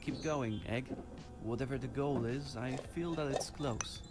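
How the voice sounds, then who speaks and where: A man voicing a calm game narrator, who speaks in a measured, encouraging way. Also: medium pitch, loud music behind the voice, natural voice. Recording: noisy game audio.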